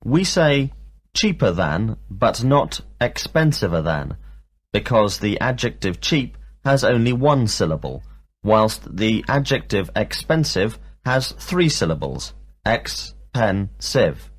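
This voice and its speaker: A man leading a scripted English drill, speaking slowly and sounding out syllables one by one. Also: fairly low pitch, sing-song, breathy edge. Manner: slow, deliberate, sounds out syllables. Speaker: English teacher. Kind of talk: slow scripted language drill.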